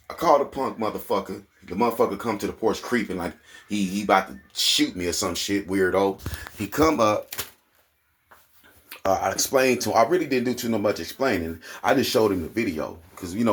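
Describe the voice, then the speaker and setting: Casting: Oklahoma man, low husky voice, heated profane vlog rant. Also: animated, brisk. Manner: profane, heated, rising to high indignant peaks. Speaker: vlogger. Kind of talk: angry rant to camera.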